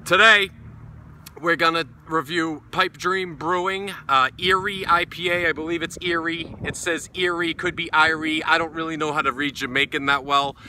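A man's voice: fairly high pitch, steady tone, normal speed, hardly any pauses, sharp tone, a little hiss or hum. A middle-aged man from New England with a New England accent, reviewing a beer in a casual, blunt, profane and sarcastic way while sitting out in his backyard. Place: backyard outdoors.

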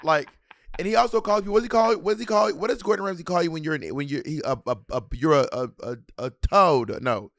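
A man's voice: a little high, a little fast, fairly bright tone, dry recording, clean studio sound. A man co-hosting a casual podcast review of a TV show, rambling and acting out quoted voices. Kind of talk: casual chat.

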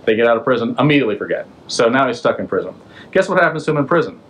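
A man's voice: medium pitch, animated, very fast, a bit bright, low-quality recording. A man hosting a podcast, retelling an old story in a casual, slangy way and throwing in rhetorical questions. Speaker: podcast host.

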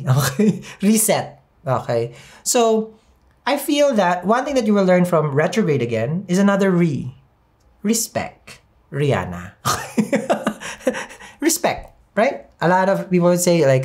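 A woman's voice: on the low side, big pitch swings, slow pace, darkish tone. A woman reading tarot cards in a sassy, chatty way with a non-native English accent, laughing often. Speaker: tarot reader.

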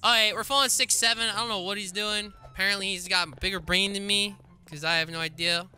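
A man giving playful, deadpan commentary while playing a video game as a gaming YouTuber. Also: sits high, fast talker, noisy background.

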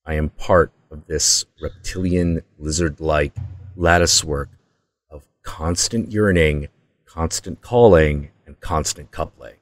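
A very deep-voiced man retells a personal story in a casual, excitable monologue, swearing freely as he builds up the tension. The sound is dry and close, with no room echo. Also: slow pace. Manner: intense, profane, excitable retelling. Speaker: host.

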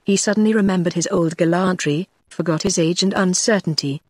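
A woman's synthetic voice with a British accent, narrating an audiobook in an even, mechanical delivery. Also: fairly low pitch, fairly quick, few pauses, husky, no echo.

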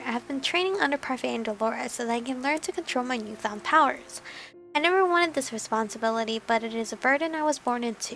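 A woman's voice: high-pitched, a bit bright. A young woman reading a romance visual novel aloud as let's play narration, breaking off for gushing asides.

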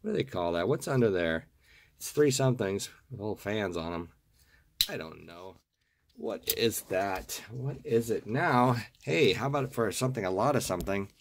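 A man with a gravelly, hoarse morning voice, casually showing off a collection in a video and gushing over each piece, often repeating words with delight. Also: fairly low pitch, lively intonation, moderate pace, slight background noise. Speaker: toy car collector and seller. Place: home desk.

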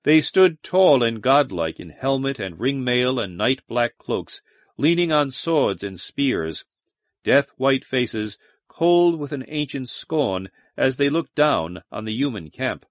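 A man reading an audiobook aloud, with a measured, deliberate delivery, recorded close on a studio mic. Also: mid-range voice, sing-song, dry recording. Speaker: audiobook narrator. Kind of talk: scripted narration.

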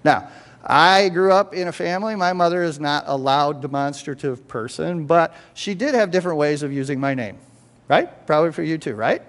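An older man preaches in a conversational way, often asking the room whether they follow. His voice sits high for a man, and a long church reverb trails after every phrase. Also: moderate pace. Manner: conversational, checks in with the congregation often. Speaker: pastor. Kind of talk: sermon. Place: church sanctuary.

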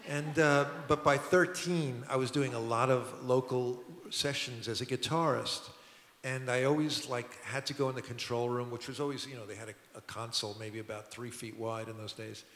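On a museum auditorium stage, an older Brooklyn-born record producer tells meandering studio stories, often restarting and chuckling along the way. His mid-range voice is fairly bright with fairly even intonation and moves at normal speed, while the spacious hall gives a long reverb.

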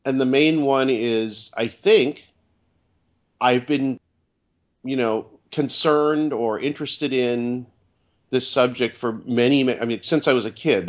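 A man's voice: medium pitch, fairly even intonation, a little slow. A man, an author and radio host appearing as a podcast guest, talking in a reflective, rambling way. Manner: reflective, rambling, self-questioning. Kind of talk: casual chat. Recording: dull lo-fi audio.

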